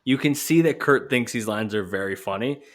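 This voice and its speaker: A man co-hosts a casual podcast, with a voice of middling pitch. He jokes and swears as he talks, and slips into voices when he quotes others. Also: brisk. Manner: joking, swearing, quotes wrestlers in put-on voices. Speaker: podcast co-host.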